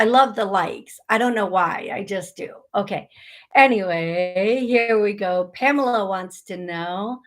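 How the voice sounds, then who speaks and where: A middle-aged woman hosting a live call-in show as a psychic medium, talking in a chatty, blunt way and laughing at her own asides. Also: mid-range voice.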